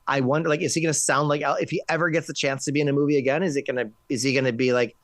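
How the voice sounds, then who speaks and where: A man talking about films in casual chat, quick and enthusiastic, with many restarts. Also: on the high side, fairly even intonation, no room sound. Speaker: film critic.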